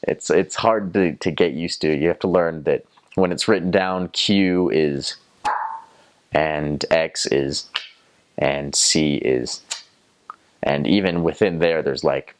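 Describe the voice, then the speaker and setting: Very deep-voiced young man chatting casually. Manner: rambling, many fillers, imitates foreign words. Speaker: former missionary recounting languages learned. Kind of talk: casual storytelling to camera.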